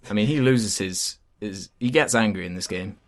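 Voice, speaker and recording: A man's voice: fairly low pitch, moderate pace. A man chatting casually in a game review, hesitant with many fillers and restarts.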